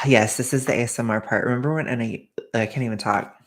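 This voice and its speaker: A woman's voice: very deep voice, a little fast. A woman streamer in casual, rambling chat who sometimes drops into an ASMR whisper.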